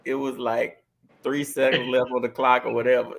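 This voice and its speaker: A man chatting on a sports talk show, chiming in with quick agreements and laughing through his stories. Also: mid-range voice, flat delivery, vocal fry. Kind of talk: casual chat.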